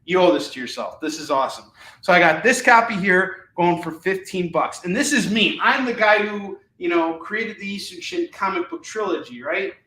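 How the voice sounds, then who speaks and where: A man hosting a live comic book sales show, chatting casually and enthusiastically, rambling with fillers as he pitches each book. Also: lively intonation, moderate pace, bright, forceful tone. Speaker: live shopping show host selling comics. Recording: echoey room, mic at a distance, faint noise.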